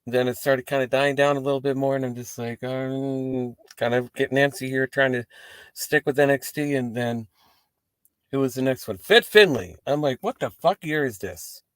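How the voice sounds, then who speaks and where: Sitting in his parked car, a man hosts a wrestling post-show, talking casually to the camera in a rambling, profane way with animated asides. His voice is smooth and middle-pitched at a moderate pace, and the sound is close and dry with no room echo.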